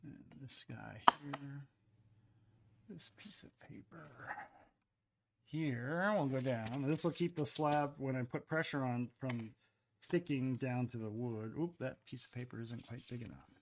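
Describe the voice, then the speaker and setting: A man's voice: medium pitch, unhurried, a little hiss or hum. A man showing how he makes clay cups in his pottery studio, talking casually as he works and often trailing off into murmurs. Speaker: ceramics artist demonstrating. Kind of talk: live-stream pottery demonstration.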